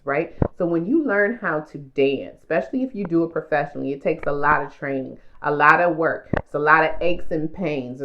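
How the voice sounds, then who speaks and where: A woman's voice: low-pitched, dull audio, a little hiss or hum. A woman giving a pick-a-card tarot reading to her viewers, speaking emotionally and repeating herself as she talks to them directly. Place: home room.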